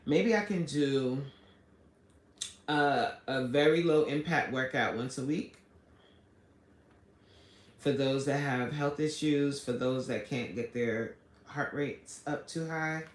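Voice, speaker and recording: A woman's voice: very deep voice, takes it slowly, long pauses. Chatty woman coach reading her live chat. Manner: chatty, reads viewer comments aloud and answers them. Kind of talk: casual live-stream chat. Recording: echoey room.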